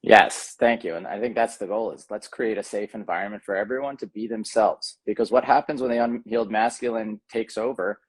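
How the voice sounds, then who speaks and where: Guy with a kinda husky voice, earnest podcast guest, lots of ums. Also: fairly low pitch, fairly even intonation, brisk, few pauses. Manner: earnest, thoughtful, frequent ums and restarts. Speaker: podcast guest, tantra coach. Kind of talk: casual conversation.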